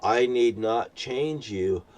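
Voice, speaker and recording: A man in an angry, profane rant that rambles like a sermon. His medium-pitched voice sits a little back from the mic. A vehicle can be heard faintly around him. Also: slow pace, a little mellow, recorded from a distance. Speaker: vlogger. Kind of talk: ranting monologue to camera.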